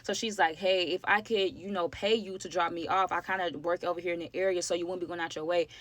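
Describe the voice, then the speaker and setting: A young woman, chatting through a storytime to her viewers, slangy and lively, calling them y'all. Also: lowish voice, quick pace, dry recording. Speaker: storytime vlogger. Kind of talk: casual storytelling to camera.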